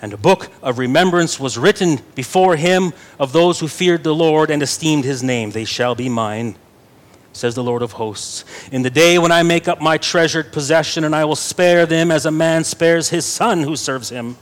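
A man's voice: on the high side, normal speed. A young man preaching a sermon, reading scripture earnestly and adding playful asides to his congregation. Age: young adult. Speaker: pastor.

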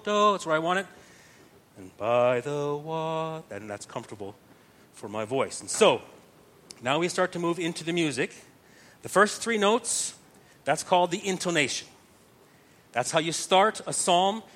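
A man's voice: on the high side, a bit bright. A man patiently teaching how to chant a psalm, step by step, using plain comparisons. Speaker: chant instructor.

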